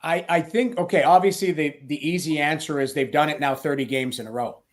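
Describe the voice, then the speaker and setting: Brief: middle-aged male guest, slightly higher voice, loose rambling delivery. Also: brisk. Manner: rambling, thinking aloud with restarts. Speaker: guest, former goalie and broadcaster. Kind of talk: casual podcast chat.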